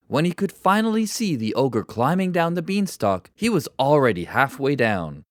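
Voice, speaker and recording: A narrator reading a children's story for English learners in a slow, deliberate and expressive way. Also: medium pitch, dry recording, clean studio sound.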